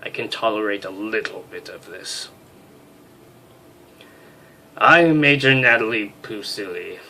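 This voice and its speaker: A man playing a haughty female space major with a gruff, low voice, speaking in a slow, measured way. The tone is bright and edged, pompous and disdainful toward everyone under her, as if voiced for a let's play of a sci-fi story game. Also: animated, slight background noise, heavily acted.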